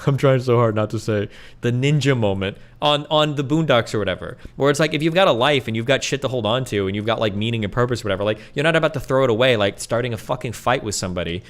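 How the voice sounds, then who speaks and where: A man's voice: medium pitch, fast talker. A man hosting a talk stream, giving profane, heated commentary and acting out quotes in a mocking voice. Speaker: podcast host.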